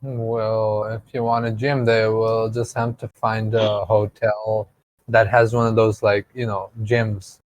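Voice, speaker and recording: A man's voice: on the low side, flat delivery, takes it slowly, no echo. A man co-hosting a podcast, rambling crudely and laughing often. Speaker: podcast co-host. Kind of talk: casual banter.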